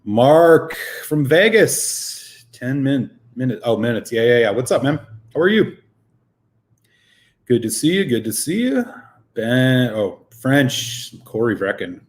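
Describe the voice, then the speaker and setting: A man hosts a relaxed live stream, slightly out of breath after a run, speaking slowly at an ordinary middle pitch. He chats loosely, reading the chat aloud and greeting viewers one by one.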